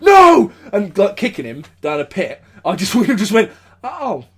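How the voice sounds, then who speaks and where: A man with an English accent hosting a casual live podcast, rambling through stories with lots of swearing and sudden shouted speeches. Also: sits high, animated, brisk, breathy edge. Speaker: podcast host. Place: indoors, recording live.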